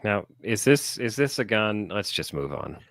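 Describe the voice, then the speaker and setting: A man co-hosting a podcast, joking in quick banter during a casual chat. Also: on the low side, very animated, a bit bright, no room sound. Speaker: podcast co-host.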